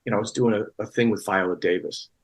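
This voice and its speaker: A man's voice: on the low side, steady tone, fast talker, slightly rough, low-quality recording. A man talking as a guest actor in a casual interview, rambling with many restarts and fillers.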